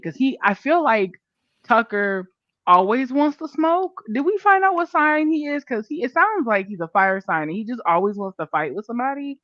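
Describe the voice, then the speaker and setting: A woman co-hosting a casual reality TV recap podcast, chatty and quick to agree and laugh along. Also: mid-range voice, sing-song, no echo. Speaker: podcast co-host. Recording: dry, dull lo-fi sound.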